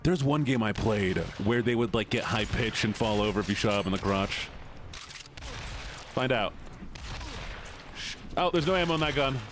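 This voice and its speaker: A man streaming a game, commenting in an excitable, goofy, joking way. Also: mid-range voice, normal speed, long pauses, background noise. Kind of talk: gaming livestream commentary.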